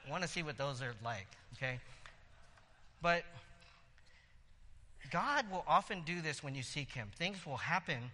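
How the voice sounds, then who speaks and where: A man who serves as a church elder, preaching a sermon in a casual, lively way, with asides and jokes between readings. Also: fairly high pitch, measured pace, pauses often, in a large hall.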